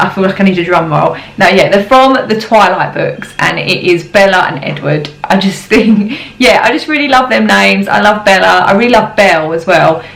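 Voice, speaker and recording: Chatty young mum, roomy sound. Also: female voice, mid-range voice, gravelly. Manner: chatty, giggly, with frequent ums. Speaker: parenting vlogger. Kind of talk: casual chat to camera. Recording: roomy echo.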